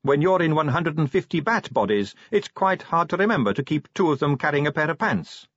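A man's voice: fairly high pitch, big pitch swings, fairly quick, a bit bright, no echo, pitched above the performer's own voice. A man voicing a cheeky, teasing young female vampire constable in a chatty, breezy manner. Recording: dull lo-fi recording.

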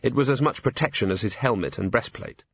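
A man reading a novel aloud as a narrator, in a measured, dry storytelling manner. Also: medium pitch, fairly bright tone, breathy edge, no room sound. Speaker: audiobook narrator. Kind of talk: scripted narration. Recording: dull, dry lo-fi recording.

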